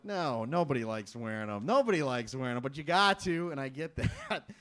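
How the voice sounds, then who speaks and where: A man in his thirties doing a stand-up comedy set, self-deprecating and jumping into loud voices when quoting people. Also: mid-range voice, lively intonation, a little fast.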